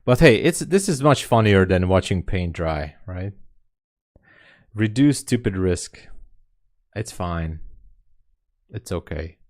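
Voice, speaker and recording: A man with a lowish voice talks slowly through a live trading session, with long gaps between remarks. His tone is wry and half to himself, like someone thinking aloud at his desk. The delivery is relaxed and unhurried. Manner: wry, muttering remarks to himself about the chart. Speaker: day trader streaming live.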